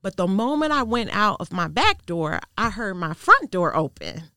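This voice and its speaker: A woman guest sharing a personal testimony in an interview, telling it in an earnest, measured way that goes quiet at the tense parts. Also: mid-range voice, big pitch swings, clear, resonant tone, no room sound, studio quality. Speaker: podcast guest.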